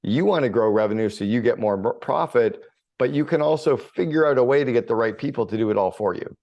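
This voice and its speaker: Man, middle-aged, podcast guest, blunt, energetic, casual storytelling, mid pitch. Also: quick pace, muffled recording. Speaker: podcast guest, business coach. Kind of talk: casual conversational interview.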